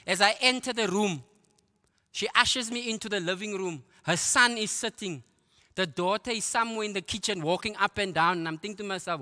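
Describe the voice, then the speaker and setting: A middle-aged South African man giving his testimony at a church men's conference, telling his story in a lively way with quick asides. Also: high-pitched. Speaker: guest speaker giving testimony. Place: church auditorium. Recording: long hall reverb.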